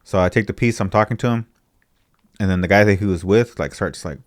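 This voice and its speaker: A man's voice: low voice, a little fast. A young man hosting a podcast, telling stories in casual, slangy, profane talk. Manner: slangy, profane street storytelling. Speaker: podcast host. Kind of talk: casual storytelling chat.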